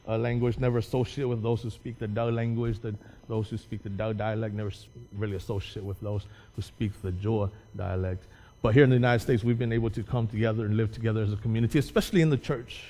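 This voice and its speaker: Male pastor, mellow, patient explainer, restarts words, recorded with a hall's long echo. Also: medium pitch. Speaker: Hmong pastor speaking to a church. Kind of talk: informal church talk. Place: church hall. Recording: long echo of a large hall.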